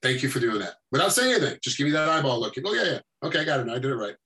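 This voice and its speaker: A middle-aged man, a combat sports referee, telling animated stories in a casual chat and acting out what people said. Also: fairly high pitch, rapid-fire, poor audio. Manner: animated storytelling, acting out quotes. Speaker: MMA referee, guest.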